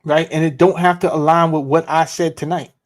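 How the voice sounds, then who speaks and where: A man hosting a podcast livestream, talking in a relaxed, casual, slangy way. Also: a little high, brisk. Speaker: podcast host.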